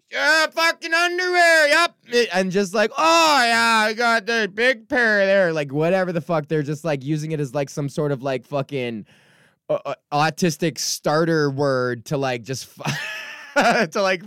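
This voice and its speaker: A man's voice: a little high, smooth, no room sound, clean studio sound. A man in his thirties, a stand-up comic hosting his podcast, ranting casually with lots of swearing and rambling asides. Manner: profane, rambling, animated impressions.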